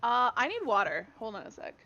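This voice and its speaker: Casual streamer: young woman from Canada, slightly high voice, muffled lo-fi stream audio. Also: very animated, brisk, pushed and bright. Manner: chatty, laughs often, talks to chat and a friend. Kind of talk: casual gaming stream chat.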